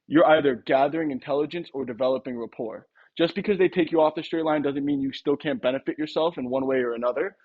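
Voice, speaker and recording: A young man runs through a sales lesson at a rapid clip, his voice sitting a little high for a man. He keeps it casual and slips into quick sample dialogues. The recording sounds dull and lo-fi. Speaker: sales trainer. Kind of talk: instructional talk.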